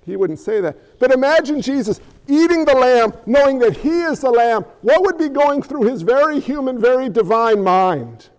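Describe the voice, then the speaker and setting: A man preaching a sermon as pastor in an animated, conversational way with jokey asides. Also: very high voice, moderate pace, few pauses, big-room sound.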